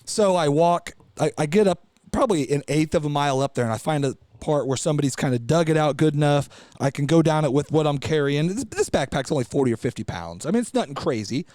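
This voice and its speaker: A man tells a long, rambling story on a studio podcast, cussing freely and getting animated. His voice sits fairly high for a man. The sound is dry and close. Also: fast, hardly any pauses, no room sound. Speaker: podcast co-host. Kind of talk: casual storytelling chat.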